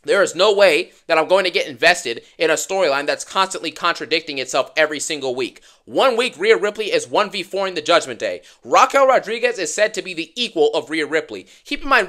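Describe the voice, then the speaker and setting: A man hosting a wrestling review channel, ranting fast and dismissively about last night's show. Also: high voice, bright, forceful tone. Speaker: wrestling YouTuber.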